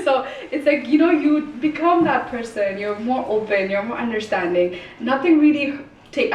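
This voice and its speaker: Fast-talking woman, echoey distant mic. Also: a little high. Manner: fast, filler-heavy, says "like" and "right?" often. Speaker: roundtable guest speaker. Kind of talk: casual reflective talk. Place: community event room. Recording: echoey room, distant mic, faint noise.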